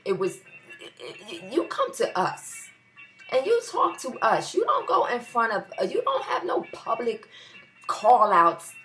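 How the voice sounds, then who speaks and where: Young woman, New York area accent, mid-pitched, fiery profane vlog rant, faint music underneath. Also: fairly bright tone. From US tri-state area. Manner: profane, emphatic, repeats phrases for emphasis. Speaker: vlogger. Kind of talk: heated ranting monologue.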